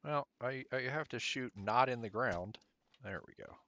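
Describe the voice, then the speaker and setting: A man streaming a game, chatting casually and rambling as he thinks out loud. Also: mid-range voice, moderate pace, muffled recording. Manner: mutters at the game.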